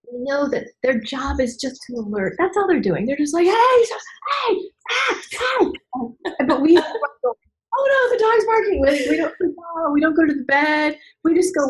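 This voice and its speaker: Animated woman coach, fairly high voice. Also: poor audio. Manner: animated, acts out voices and inner dialogue; emphatic, repeats key phrases. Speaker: business coach. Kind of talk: candid podcast conversation.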